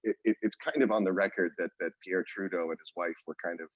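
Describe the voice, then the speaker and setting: A man's voice: low-pitched, fairly even intonation, fast, no room sound, highs cut off. A man co-hosting a podcast in casual chat, rambling and restarting his sentences and laughing often. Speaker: podcast co-host.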